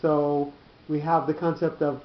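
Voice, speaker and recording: Man teaching a class, slightly high voice. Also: little pitch movement. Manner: explains step by step, halting restarts. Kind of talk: Torah class lesson. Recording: roomy dull lo-fi class recording.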